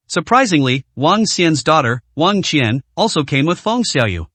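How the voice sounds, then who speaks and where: A male narrator reads a serialized web novel in an even, steady way, tripping on a word now and then. His voice sits a little high. The sound is close and dry, with no room around it. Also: unhurried, hardly any pauses, slightly rough, no room sound. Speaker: audiobook narrator.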